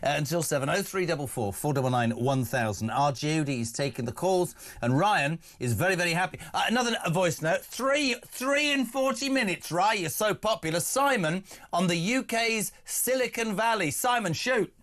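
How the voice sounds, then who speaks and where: A man's voice: fairly high pitch, brisk, few pauses, fairly bright tone. A man hosting a talk radio drive show, bantering and teasing his guests and callers. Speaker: host.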